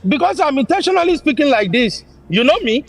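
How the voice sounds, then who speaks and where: A middle-aged man with a Nigerian accent, a guest in a casual chat who tells stories slowly and with emphasis. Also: very high-pitched, animated, vocal fry, a crowd in the background.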